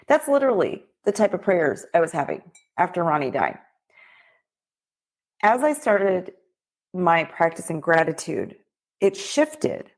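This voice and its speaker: A woman's voice: on the low side, big pitch swings, a little slow, pauses often. A middle-aged woman hosting a podcast, giving a heartfelt motivational talk straight to her listeners. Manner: heartfelt, preachy, direct address to listeners. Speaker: podcast host and business coach.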